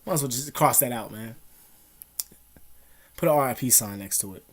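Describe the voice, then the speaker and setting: A man's voice: medium pitch, normal speed. A young man giving blunt, profane advice to camera at home in casual street slang, calling the listener "dog" and "man". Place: at home, dogs nearby.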